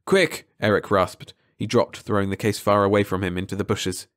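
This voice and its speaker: Low-voiced man reading a story. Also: little pitch movement, no room sound, clean studio sound. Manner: measured, slowing on key phrases. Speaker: audiobook narrator. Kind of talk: scripted story narration.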